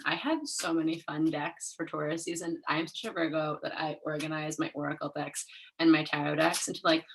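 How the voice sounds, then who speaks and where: A woman's voice: low voice, creaky. A young woman hosting her own show in a casual, rambling way, leaning on "like", openly emotional and laughing at herself. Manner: chatty, rambling, heavy use of "like". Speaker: host. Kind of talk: casual solo show chat.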